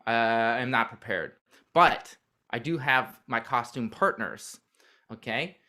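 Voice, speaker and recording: A man's voice: medium pitch, unhurried, bright, forceful tone. A man hosting a podcast livestream, chatting casually and rambling playfully while waiting for his co-hosts. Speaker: podcast host. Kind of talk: casual pre-show livestream chat.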